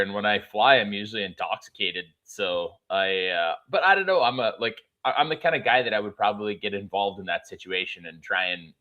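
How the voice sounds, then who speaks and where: A man sits in as a guest co-host and talks in a blunt, plainspoken, joking way. His voice is low, with a bright, forceful edge. It sounds like easygoing podcast banter. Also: lo-fi sound. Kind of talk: casual chat.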